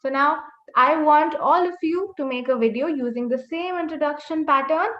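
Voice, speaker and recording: Woman teacher on a webinar: high voice, unhurried patient drilling, echoey, dull call audio. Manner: slow, patient drilling with repeated corrections. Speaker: language teacher. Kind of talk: online class teaching. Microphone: video call.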